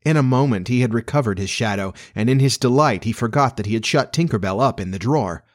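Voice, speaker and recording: A man reading a children's storybook aloud with a measured, expressive delivery. His voice sits at an ordinary middle pitch for a man. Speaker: narrator. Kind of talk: audiobook narration.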